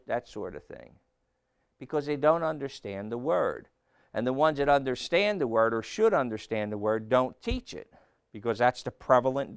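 A man's voice: medium pitch, smooth, no echo, studio quality. A man preaching a sermon, reading scripture aloud and throwing questions back at the listeners.

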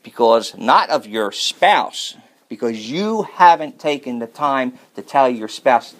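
A man's voice: mid-range voice, expressive, slow pace. A man preaching a sermon on marriage in a folksy, joking manner.

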